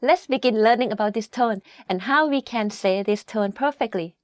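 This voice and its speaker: A woman with a fairly high voice explains tones patiently in a scripted lesson, slowing down to model each word. Thai is her first language. Her voice is close and dry with no room sound. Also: dry recording. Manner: clear, patient explanations with slow model pronunciations.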